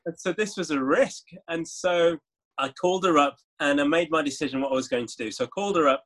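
A man, a guest author telling stories in an interview, animated and laughing often. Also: a little high, fast. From Leeds, England. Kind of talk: interview conversation.

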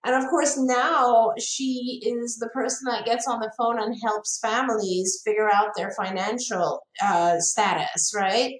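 A woman's voice: fairly high pitch, fairly even intonation, measured pace, hardly any pauses, echoey room, rough recording. A woman host speaking earnestly and effusively in a grateful conversation. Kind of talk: warm appreciative conversation.

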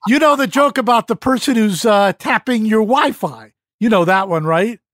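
A woman hosting a casual interview, she asks short questions to prompt her guest. Her voice sits a little high. The recording is dry and close. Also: normal speed, no room sound. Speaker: interviewer host.

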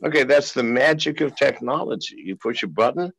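A man's voice: medium pitch, lively intonation, brisk, vocal fry, a bit bright, a little hiss or hum. A man talking as a podcast guest over a video call, profane and rambling. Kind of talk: casual interview.

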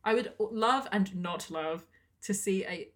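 A woman co-hosting a podcast, talking quickly and bluntly with frequent laughter. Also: medium pitch. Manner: opinionated, quick, laughs often. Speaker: podcast co-host. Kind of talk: casual chat about a musical.

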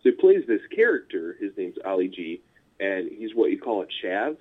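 A man's voice: on the low side, sing-song, normal speed. A man with a Californian American accent, a punk musician chatting casually as an interview guest, rambling with lots of fillers and chuckles. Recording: tinny phone-line audio.

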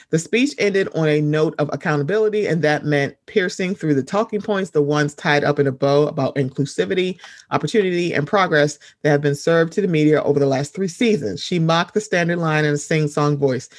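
A man's voice: a little high, a little fast, no echo, studio quality. A man reading an article aloud and breaking off to add his own emphatic commentary.

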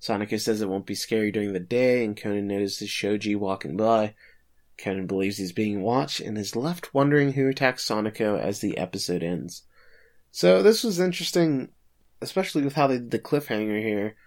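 A man's voice: on the low side, a little fast, a little mellow. A man co-hosting a podcast, casually recapping an episode with filler words and light chuckles. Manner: laid-back summarizing with filler words and chuckles.

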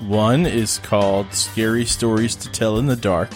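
A man's voice: fairly low pitch, fairly even intonation, a little slow, soft background music. A man from the Midwest co-hosting a casual film podcast, talking hesitantly with lots of ums and easy laughs. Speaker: podcast co-host.

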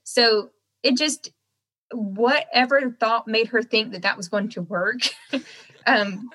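A young woman with a softened Southern American accent, chatting casually as a guest and laughing often. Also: a little high, slow, poor audio. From Southern United States. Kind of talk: casual chat.

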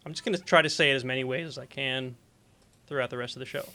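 A man's voice: mid-range voice, fairly even intonation, fast, sharp tone. A middle-aged man hosting a live-streamed podcast, rambling through announcements and breaking off into laughs and asides. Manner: rambling, self-interrupting, laughs often. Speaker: podcast host. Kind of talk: casual live-stream chat.

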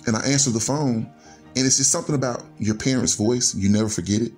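A man's voice: mid-range voice, quick pace, a little mellow, slightly rough, soft background music. A middle-aged man from Chicago telling a personal story in an earnest, conversational way, often linking thoughts with "and so". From Chicago, USA. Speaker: storyteller guest.

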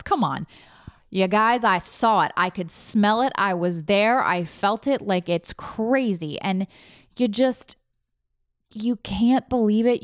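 A woman, a former veterinarian, earnestly retelling a deeply emotional personal experience in casual chat, full of restarts and rambling. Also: no room sound, studio quality.

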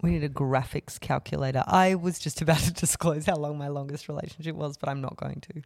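A woman co-hosting a podcast in casual chat, animated and joking, often laughing. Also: sits low, brisk, vocal fry, dry recording, clean studio sound. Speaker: podcast co-host.

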